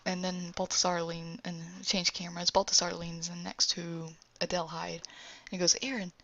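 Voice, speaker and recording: A woman talks through her animation pitch scene by scene in a low, gravelly voice with some fry. She rambles and drops in asides. The recording is dull and lo-fi. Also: completely flat delivery, normal speed, sharp tone. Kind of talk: casual scene-by-scene narration.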